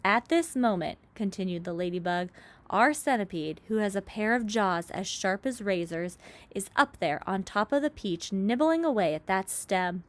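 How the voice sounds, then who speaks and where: A woman voicing a kind, gentle, motherly ladybug in a storybook reading. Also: mid-range voice, animated, normal speed, close to an everyday voice. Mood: kindly. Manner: warm, reassuring.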